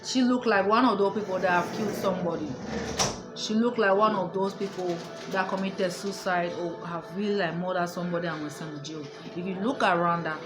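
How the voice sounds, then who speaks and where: An adult woman with a lowish, steady voice tells a family story to viewers a little fast over music. She's casual and emphatic, repeating herself and directly checking that the listener follows.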